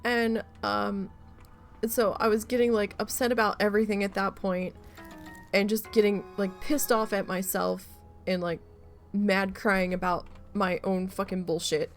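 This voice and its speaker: A woman's voice: mid-range voice, little pitch movement, measured pace, faint music behind. A woman streamer chatting casually while she plays, rambling through a story and swearing freely. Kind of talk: casual chat while gaming.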